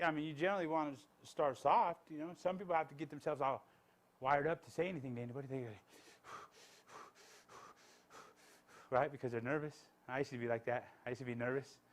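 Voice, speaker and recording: A man's voice: on the high side, fast talker, a bit bright. A man, a pastor, giving a blunt, conversational sermon with many restarts and asides.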